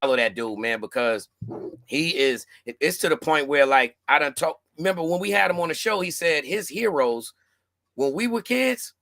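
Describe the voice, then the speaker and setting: Gravelly, bright-toned male podcast host. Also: fairly high pitch, expressive, moderate pace, no echo, studio quality. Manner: laid-back slangy talk with many repeated words. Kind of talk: casual chat.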